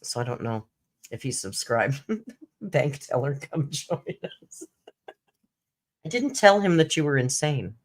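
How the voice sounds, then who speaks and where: Speaking slowly with long pauses, a bass-voiced woman makes big pitch swings as she hosts a casual live-stream chat. The YouTube commentary host tells chatty stories, often laughs, and acts out others' words.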